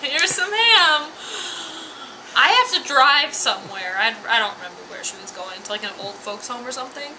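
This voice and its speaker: A woman's voice: mid-range voice, animated, quick pace, few pauses, sharp tone, slight background noise, rough recording. A tipsy woman giving a rambling, giggly, profane comic review. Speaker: anime reviewer.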